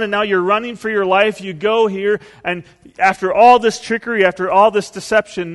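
A male pastor delivers a sermon, telling stories and acting out quotes with big shifts in pitch and volume. His voice is a bit bright, and the sound suggests a big room.

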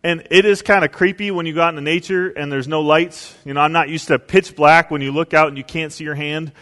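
A male pastor preaching a sermon, telling stories and acting out quotes with big swings in pitch and volume. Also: steady tone, fairly quick, fairly bright tone, big-room sound.

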